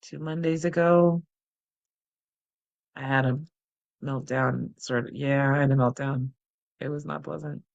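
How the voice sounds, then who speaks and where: Low gravelly woman guiding a breathing practice. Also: fairly even intonation, lo-fi sound. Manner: soft and unhurried, laughs at herself. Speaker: host leading a guided breathing practice. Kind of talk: gentle guided meditation, chatty asides. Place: home, close to the camera. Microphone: camera mic, close.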